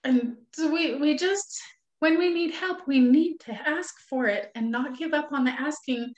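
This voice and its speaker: A woman's voice: high-pitched, a little slow, dull audio. A woman in her forties, a guest, telling a personal story earnestly and animatedly. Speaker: guest, author and mother. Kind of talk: conversational storytelling. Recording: roomy echo.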